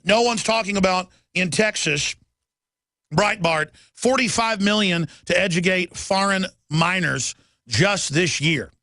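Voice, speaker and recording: A man's voice: high voice, a little slow, pushed and bright, no echo. A man hosting a talk radio show, ranting urgently and emphatically, firing off lists. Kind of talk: political rant monologue.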